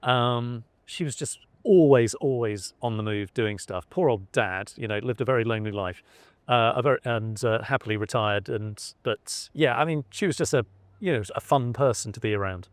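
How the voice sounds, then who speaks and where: A middle-aged man from England answers interview questions in a hesitant, halting way, full of fillers and self-corrections. His voice sits at a middle pitch. The recording is dry and close, with no room sound. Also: dry recording. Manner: hesitant, many fillers and restarts. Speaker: interviewee, son of a cricketer. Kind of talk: conversational interview.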